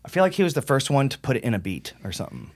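A metal singer guesting on a podcast talks rapid-fire at medium pitch, his voice swinging hugely in pitch with a breathy edge. He rambles through a casual conversation, swears freely, and acts out what people said. The recording is dry.

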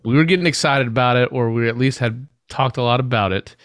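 Smooth-voiced podcast co-host, dry sound. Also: male voice, mid-range voice, fast talker, fairly bright tone, dry recording. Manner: teasing, steers the talk to the next topic. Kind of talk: casual chat.

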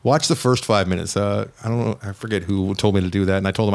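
A man hosting a casual podcast chat, animated and teasing, his voice jumping high when he gets exasperated. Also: fast talker, creaky. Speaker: podcast host.

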